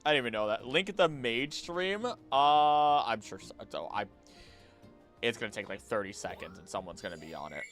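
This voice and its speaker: A man chatting casually on a live gaming stream, jokey and animated, talking to the creatures on screen. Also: medium pitch, moderate pace, faint music behind. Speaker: streamer and voice actor.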